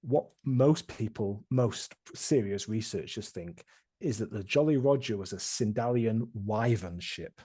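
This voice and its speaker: A man's voice: fairly low pitch, a little slow, warm tone, slightly rough. A man running a tabletop game, recapping past sessions in a rambling, casual way with many restarts. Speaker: game master.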